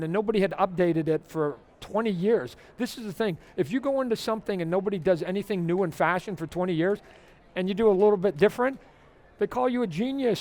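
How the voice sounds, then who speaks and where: A man guest at a convention interview, talking with energy and acting out the people in his stories. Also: sits high. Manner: energetic, animated, acts out quoted exchanges. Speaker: interview guest, comic artist. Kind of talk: animated storytelling interview. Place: toy fair convention floor.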